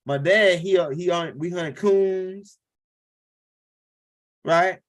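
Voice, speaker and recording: His voice is high and his delivery very slow as this male comic loosely tells a rambling, profane story. He often checks with the audience using "right?"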